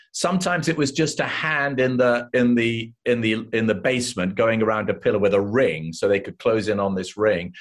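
An older English man, an actor guest, telling animated stories in an interview and acting out the voices of the people in them. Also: medium pitch. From England. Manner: animated anecdotes, acts out voices of others. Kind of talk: casual interview storytelling.

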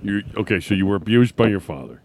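Brief: man playing a blunt radio shock-jock, very low voice, rapid-fire crude questions. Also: animated, slight background noise. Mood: badgering. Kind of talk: comedy podcast impression.

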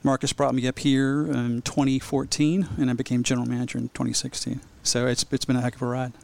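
A man's voice: mid-range voice, little pitch movement, quick pace, vocal fry, a little mellow. A middle-aged man, a speedway general manager, chatting casually on a podcast and telling stories with quoted voices. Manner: storytelling, acts out quoted voices.

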